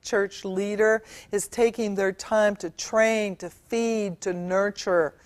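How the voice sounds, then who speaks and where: A woman's voice: medium pitch, steady tone, takes it slowly, no echo. A middle-aged woman giving an earnest, emphatic Bible teaching in a studio, stretching out key words and using fillers. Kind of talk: teaching sermon.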